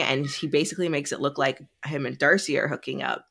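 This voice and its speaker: Low bright-voiced woman chatting. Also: fast, creaky. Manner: animated, acts out characters' lines. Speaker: podcast co-host. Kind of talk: casual book discussion.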